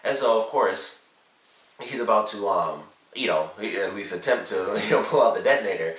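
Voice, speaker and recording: Deep-voiced man recapping a TV episode. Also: expressive, normal speed, a bit bright, recorded from a distance. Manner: rambling, lots of "like" and "you know" fillers. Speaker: TV show reviewer. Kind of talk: casual episode recap and review. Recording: roomy echo, set back from the mic.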